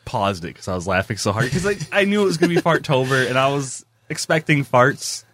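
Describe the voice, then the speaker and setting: A man's voice: mid-range voice, expressive, fairly quick, a bit bright. A man co-hosting a casual movie podcast, chiming in with dry wisecracks.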